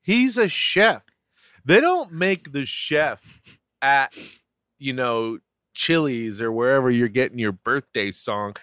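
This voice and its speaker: A man's voice: medium pitch, expressive, slow pace, pushed and bright, clear, resonant tone, no echo, studio quality. A man co-hosting a podcast in casual chat, teasing and joking with profane humor. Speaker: podcast co-host.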